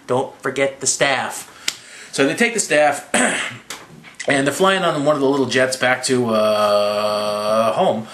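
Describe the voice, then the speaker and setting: A slightly drunk young man rambling through a profane, casual movie recap with quick impressions. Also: medium pitch, a bit bright, echoey room, a little hiss or hum. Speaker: movie reviewer.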